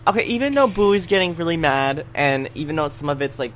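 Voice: mid-range voice, expressive, quick pace, slight background noise. Rambling speaker with stumbling restarts. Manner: rambling, repeats words, laughs often. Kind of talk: casual chat.

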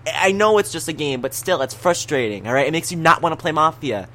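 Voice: medium pitch, expressive, quick pace, fairly bright tone, slight background noise. Rambling speaker with stumbling restarts. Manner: rambling, repeats words, laughs often. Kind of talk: casual chat.

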